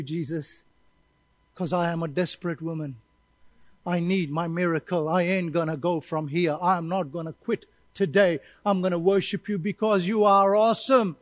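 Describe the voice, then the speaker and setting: A man's voice: high-pitched, a little mellow, dry recording, voice pushed down. A desperate kneeling woman, as a preacher puts her on. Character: desperate pleading foreign woman kneeling in worship.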